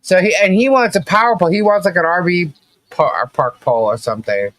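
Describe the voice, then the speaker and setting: A man's voice: sits high, fairly quick, a bit bright, no echo, low-quality recording. A man co-hosting a podcast, telling a story in casual commentary, acting out quotes with laughing asides. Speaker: podcast co-host.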